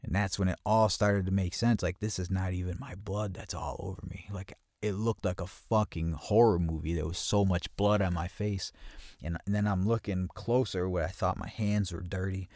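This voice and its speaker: A man's voice: steady tone, normal speed, no room sound, studio quality. A man telling a personal story in casual first person, cursing freely and often restarting his sentences. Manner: profane, with frequent restarts and repeated words; grows louder and higher at tense moments.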